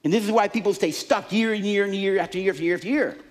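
High-pitched and racing, a pastor delivers a lively sermon. He impersonates the voices inside people's heads and the cheering fans in the stands.

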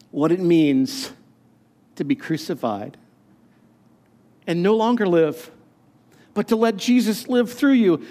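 The speaker is a pastor relating his personal testimony; his high-pitched voice is earnest, and he halts and restarts his sentences many times.

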